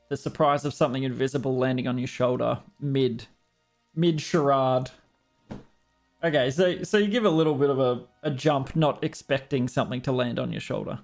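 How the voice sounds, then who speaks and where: A man's voice: medium pitch, expressive, moderate pace, vocal fry, soft background music. An Australian man running a tabletop game as game master, talking casually with lots of filler words. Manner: casual, hesitant with many fillers.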